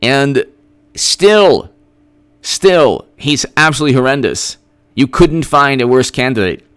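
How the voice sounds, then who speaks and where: A man's voice: mid-range voice, expressive, takes it slowly, a bit bright, smooth. A man hosting a live-stream political commentary, talking in a sarcastic, rambling, mocking way.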